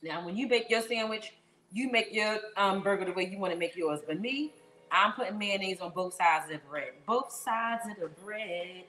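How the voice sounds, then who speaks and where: A woman's voice: mid-range voice, a little fast, sharp tone, roomy sound, soft background music, rough recording. A woman chatting playfully with viewers as she cooks in someone else's kitchen. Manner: playful, sing-song, talks to viewers as y'all. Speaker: cooking vlogger. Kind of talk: casual cooking vlog chat.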